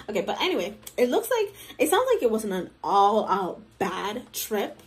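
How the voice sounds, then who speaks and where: A woman hosting casual commentary on a story, chatty and animated, often laughing and acting out what her friends say. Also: a little high, normal speed, hardly any pauses. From Jamaican heritage. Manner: animated, laughing, acts out friends in quoted voices. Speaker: commentary host.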